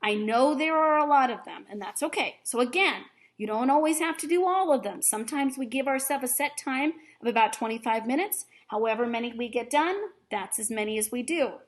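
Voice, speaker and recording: A woman teacher giving a recorded grammar lesson for children, explaining patiently, clearly and step by step. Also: fairly high pitch, animated, fairly quick.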